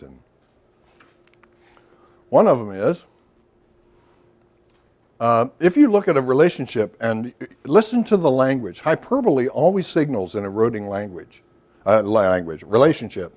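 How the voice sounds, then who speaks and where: A man's voice: lowish voice, very animated, measured pace, long pauses, darkish tone. A middle-aged man giving a workshop lecture in a loose, storytelling way, with asides and questions to the audience. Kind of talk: recorded lecture to a professional audience.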